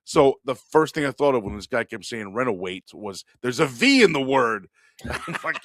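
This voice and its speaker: A man with a lowish voice co-hosts a comedy podcast and tells a rambling story about a coworker. He talks casually, swears a lot and laughs as he goes. The recording sounds dry and close. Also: normal speed, no room sound. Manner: profane, animated, laughs while telling stories. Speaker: podcast co-host.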